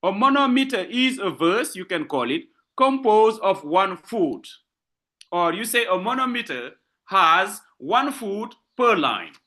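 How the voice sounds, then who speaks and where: A man with a French-speaking West African accent giving an online literature lecture, repeating examples and stressing words slowly. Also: high voice, sing-song, bright, forceful tone.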